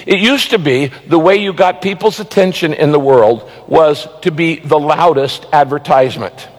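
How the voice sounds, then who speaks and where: A male pastor preaching a sermon, emphatic, repeating phrases and slowing down to read Bible verses. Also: a little high, big-room sound, rough recording.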